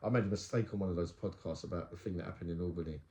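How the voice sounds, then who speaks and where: A male podcast host from England, blunt and rapid-fire with his questions in a casual interview. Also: low voice, darkish tone. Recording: echoey room.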